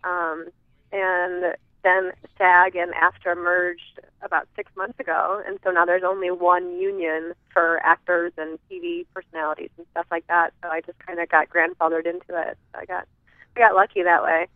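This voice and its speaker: A woman's voice: on the low side, flat delivery, moderate pace, dry recording. A woman from the American Midwest chats as a guest over the phone, giggling and trailing off with fillers. Her voice comes through a dry, tinny phone line. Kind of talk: casual interview chat.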